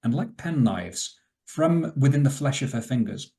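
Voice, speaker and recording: A man narrates as game master for a tabletop game, relaxed and loose, leaning on fillers as he sets scenes. His voice carries a noticeable echo from a roomy space. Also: medium pitch, normal speed.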